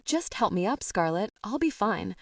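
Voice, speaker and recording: A woman's voice: medium pitch, animated, normal speed, dry recording, studio quality, distant mic. A woman voicing an older father who has fallen and keeps insisting he is fine. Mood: reassuring. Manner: downplaying, reassuring.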